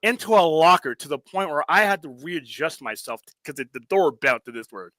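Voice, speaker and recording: Animated, profane man telling army stories. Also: fairly high pitch, a little fast, no room sound, poor audio. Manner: animated, profane, acts out quoted drill sergeants. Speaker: podcast host. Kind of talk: casual storytelling chat.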